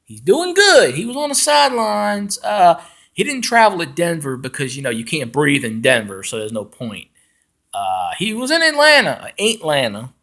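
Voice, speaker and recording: A man ranting as a football fan, loud and profane, with lots of fillers and restarts. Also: on the high side, wildly swooping pitch, moderate pace. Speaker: fan commentator.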